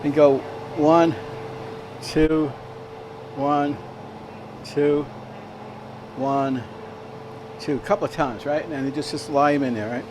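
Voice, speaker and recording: Speaking slowly and pausing often, this man keeps a steady tone in a fairly high voice as background noise runs underneath. He hosts a relaxed, rambling cooking demo in the kitchen of a veterans' hall, checking in with "all right?"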